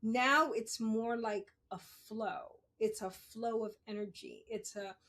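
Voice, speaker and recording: A woman's voice: on the high side, steady tone, slow, pushed and bright. Chatty woman podcaster, laughing easily. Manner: chatty, laughs often, self-correcting asides. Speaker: podcast host. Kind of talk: casual monologue.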